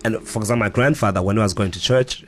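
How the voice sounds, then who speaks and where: A man's voice: fairly low pitch, very fast, fairly bright tone, faint music behind. A middle-aged man, an author and guest, talking in a casual interview in a reflective, storytelling way with frequent restarts.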